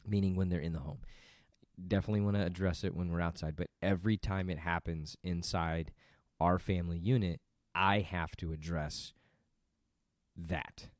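A middle-aged father speaks in a very low, deep voice, musing about family life in a loose, rambling way. He breaks off his own sentences and tosses in joking asides. The sound is close and dry, with no room echo. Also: darkish tone. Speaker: father vlogging about parenting. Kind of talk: casual unscripted monologue.

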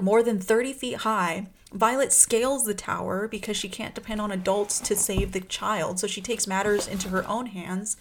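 A young adult woman talking casually about a book series, rambling and heated, full of filler words. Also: medium pitch. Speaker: book vlogger.

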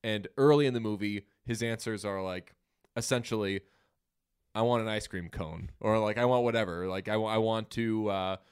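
A man's voice: lowish voice, normal speed, clean tone. A man chatting casually about a movie, rambling and swearing, acting out characters' lines. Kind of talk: casual movie review chat.

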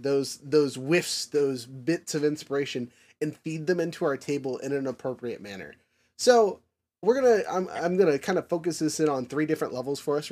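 A man's voice: mid-range voice, darkish tone. A man hosting a casual podcast chat in a mid-range voice. He rambles through fillers and restarts, drifting into nerdy tangents and laughing them off. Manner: rambling, filler-heavy, self-correcting. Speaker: podcast host.

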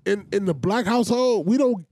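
A man's voice: sits high, darkish tone, no echo. A young man co-hosting a podcast who talks casually, swears and laughs often, and halts and restarts his sentences. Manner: laughing, profane, halting restarts. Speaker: podcast co-host.

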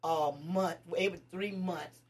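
A woman from Tennessee, a guest activist telling animated stories in casual chat, emphatic and laughing often. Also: fairly low pitch, measured pace, recorded from a distance. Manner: lively, emphatic, frequent laughter and rising exclamations.

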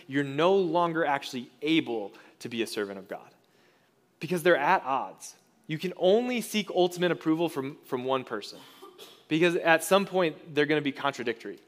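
A pastor preaches in a fairly high voice, earnest and conversational, often restarting his phrases mid-thought.

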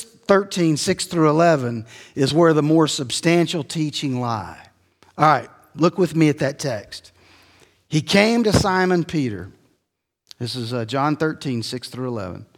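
A middle-aged man preaching an expository sermon in a relaxed, conversational teaching manner. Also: fairly high pitch, big-room sound. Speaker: pastor.

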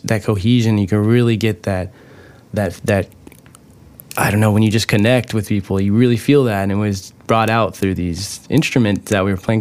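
A man with a somewhat low voice recounts his own story in loose, unscripted talk. He rambles and restarts often, leans on filler words, and drops casual swears. He gets animated when a memory turns funny. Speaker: recovering addict sharing his story.

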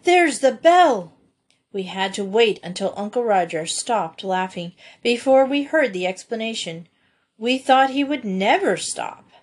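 A woman narrating a classic children's book in a steady, measured reading voice. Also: mid-range voice, husky. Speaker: audiobook reader. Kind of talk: storybook narration.

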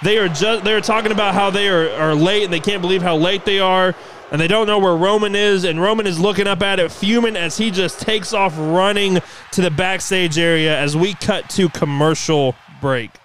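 A man hosting and narrating as a commentator, calling the action play-by-play in an energetic announcing manner. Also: sits high, normal speed, slight background noise.

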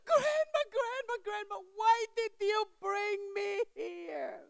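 A woman's voice: extremely high pitch, slow pace, creaky, dry recording, clean studio sound, pitched above the performer's own voice, full character voice. A woman putting on a wailing scared little girl. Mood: crying, panicked. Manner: pleading, repeating one word over and over. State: crying, wailing. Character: frightened ten-year-old girl crying on a ride.

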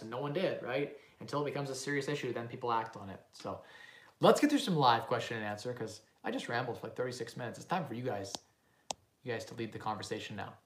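Rambling man in an echoey room. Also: medium pitch. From Canada. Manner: rambling, self-assured, many fillers and restarts. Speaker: livestream host, real estate investor. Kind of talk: casual livestream chat with live Q&A.

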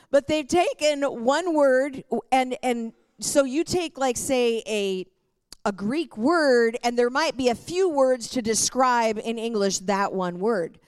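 A middle-aged woman pastor teaching a church lesson in a lively way, often laughing and reading scripture aloud. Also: fairly high pitch, slow, clear, resonant tone, no echo.

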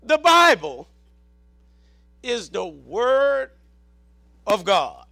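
Southern male preacher, very high gravelly voice, slow shouted sermon delivery. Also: big pitch swings. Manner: preaching with shouted emphasis and repeated words.

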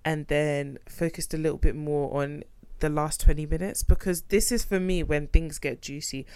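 Lively woman from a nigerian immigrant family, slightly low voice, swears a lot, very dry close sound. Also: moderate pace, clear, resonant tone, dry recording. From second-generation Nigerian immigrant family. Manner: animated, blunt, swears freely, bursts of laughter. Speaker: podcast co-host. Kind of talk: casual chat reviewing a documentary.

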